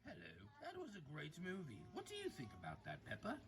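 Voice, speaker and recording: Young mom doing toy voices, lowish, super bouncy pitch, noisy home recording. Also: female voice, huge pitch swings, fast talker. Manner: playful, switches between voices. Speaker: parent playing with toys. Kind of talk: pretend play with toys, voicing characters.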